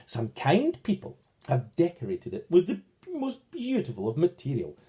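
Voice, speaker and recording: A man's voice: fairly high pitch, wildly swooping pitch, normal speed. A man voicing a cheerful, kindly male blue goblin with a long nose in a told picture story. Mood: delighted. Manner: warm-hearted, delighted exclamations.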